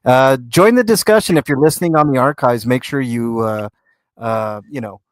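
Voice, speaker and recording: A man's voice: medium pitch, moderate pace, no room sound. A laid-back American host with a mid-range voice, recorded dry and close with no room sound. He laughs easily and reads viewer comments in a loose, casual way. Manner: laid-back, laughs often, says "man" a lot. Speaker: podcast host.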